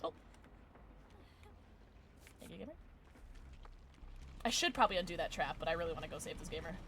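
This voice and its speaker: A young woman streaming a game from home on a desk microphone, chatting excitedly to her viewers and breaking into shouts and laughter. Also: fairly low pitch, a little fast, noisy background. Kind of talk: live gameplay commentary.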